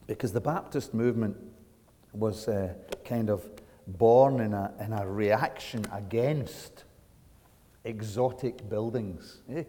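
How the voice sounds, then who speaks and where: A man from Britain preaching a sermon, swinging from hushed asides to loud, dramatic emphasis and checking in with the congregation. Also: lowish voice. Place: church sanctuary. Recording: long church reverb.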